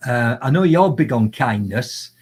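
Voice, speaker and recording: Yorkshire bloke on a video call, husky voice, chatty and animated, telling stories nonstop. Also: male voice, mid-range voice, a little slow. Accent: Yorkshire English. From Yorkshire, England. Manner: animated, chatty, lively anecdotes. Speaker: guest, motivational speaker. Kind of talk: casual storytelling in a live video chat.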